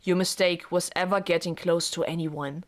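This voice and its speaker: A woman reading a visual novel aloud, voicing the cold, taunting inner voice of a witch in a low, hushed, scornful tone. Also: fairly even intonation, normal speed, natural voice.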